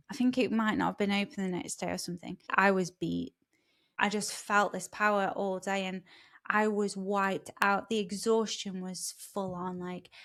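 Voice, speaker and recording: A woman telling a personal spiritual story in a lively, laughing way, often restarting her sentences. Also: medium pitch. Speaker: spiritual vlogger.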